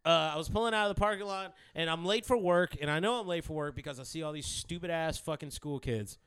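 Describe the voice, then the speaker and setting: A man's voice: on the high side, fast talker, fairly bright tone, clear, resonant tone, no echo, clean studio sound. A man telling profane stories in a casual chat, rambling, laughing often and acting out the people in them.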